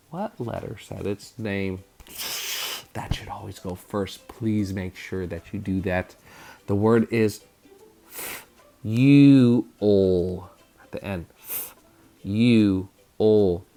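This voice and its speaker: Male teacher, unhurried, slightly creaky voice; sounds out syllables, energetic asides. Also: on the low side. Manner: energetic, sound effects like bam; sounds out letters slowly. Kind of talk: spelling lesson for children.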